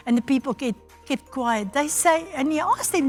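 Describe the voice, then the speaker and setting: A woman's voice: high voice, normal speed, soft background music. A South African woman pastor giving a devotional sermon, telling a story and acting out the voices in it. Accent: South African English. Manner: storytelling, acts out quoted voices.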